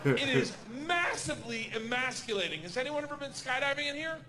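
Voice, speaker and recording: A man's voice: extremely high pitch, sing-song, fairly quick. A man doing crude, brash stand-up storytelling on a comedy stage. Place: comedy stage before a crowd. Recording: live club with crowd noise.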